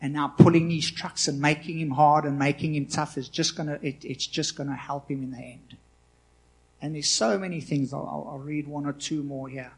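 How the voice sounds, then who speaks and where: A man in his forties preaching a sermon with passion, swinging between loud emphasis and quiet asides. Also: on the high side, fairly even intonation, moderate pace, slightly rough. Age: 40s. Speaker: pastor.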